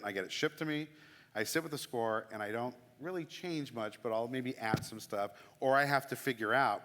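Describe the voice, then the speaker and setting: A man talks casually and eagerly, a church music director explaining his work with quick self-deprecating asides. His voice sits in the middle range. It carries a long, echoing reverb from the church around him. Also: mid-range voice, fairly bright tone. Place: church sanctuary.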